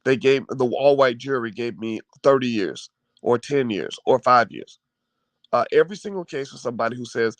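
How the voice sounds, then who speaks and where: A commentary host delivers impassioned political commentary, ranting heatedly in a dry room. His mid-range voice has a fairly bright tone and moderate pace, and he gets preachy, repeats himself, stammers, and swears.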